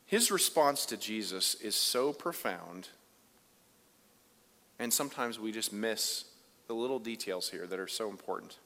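Bright-voiced preaching man in a reverberant hall. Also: on the low side, lively intonation, unhurried, long pauses. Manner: conversational preaching, shifts between loud emphasis and quiet asides. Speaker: pastor. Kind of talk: sermon. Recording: long reverb of a large hall.

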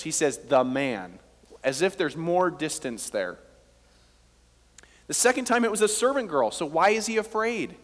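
A man's voice: fairly high pitch, fairly bright tone. A man preaching a sermon as pastor, with rising emphasis on key words, in a church hall.

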